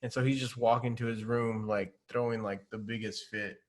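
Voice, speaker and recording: A young man hosting a relaxed podcast conversation at a medium pitch. He talks loosely, packs his sentences with fillers and chuckles as he tells stories about his kid. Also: normal speed. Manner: laid-back, many fillers, laughs through stories. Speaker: podcast host. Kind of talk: casual interview chat.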